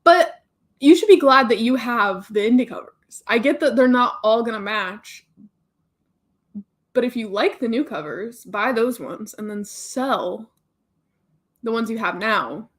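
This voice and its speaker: A woman's voice: a little high, lively intonation, unhurried. Chatty woman answering her live chat. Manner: chatty, reads and answers viewer comments. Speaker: booktube host reading live chat. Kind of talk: casual live-stream chat.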